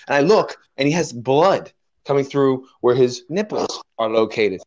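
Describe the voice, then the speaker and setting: Animated man telling a story. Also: medium pitch, brisk, dull audio. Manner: animated storyteller acting out quoted voices. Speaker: guest, personal trainer. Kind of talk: casual storytelling chat.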